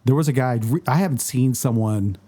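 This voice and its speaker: A guest photographer on a casual podcast tells stories in a brisk, mid-range male voice. He animatedly quotes and acts out what other people said.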